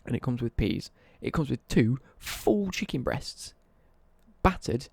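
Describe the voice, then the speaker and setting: A man's voice: medium pitch, sing-song, unhurried, creaky, breathy edge, dry recording. A young British man ranting on a casual live stream, sweary and worked up.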